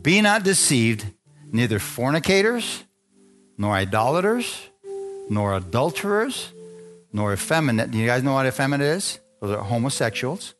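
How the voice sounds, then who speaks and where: Male pastor, sermon, scripture reading, testimony, asks for amens, climbs to excited high notes, soft music underneath. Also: moderate pace. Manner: animated preaching, calls for amen, rises to high excited peaks.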